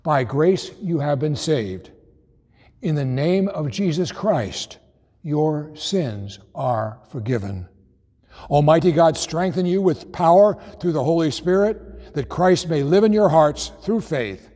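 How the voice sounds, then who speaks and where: A man's voice: fairly high pitch, lively intonation, slow, dark tone. A man solemnly reciting liturgical blessings and a prayer in church. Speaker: pastor. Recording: reverberant church hall.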